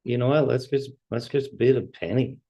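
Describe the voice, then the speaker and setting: Here a medium-pitched, mellow male voice with vocal fry walks through stock charts for his trading show. The market talk is casual and halting, full of repeated words and restarts as his eyes move over the charts. The sound is lo-fi with no room ambience.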